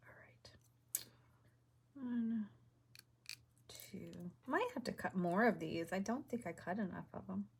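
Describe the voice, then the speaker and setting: A woman's voice: medium pitch, animated, slow, creaky, pauses often, slight background noise. A woman hosting a crafting video, chatting casually and half-muttering to herself as she works at home.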